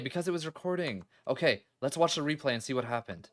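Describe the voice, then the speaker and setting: A gaming video creator with a slightly high voice talks quickly, hardly pausing, through his building game. He chats casually in let's-play style, exclaiming and laughing readily as he addresses his viewers directly.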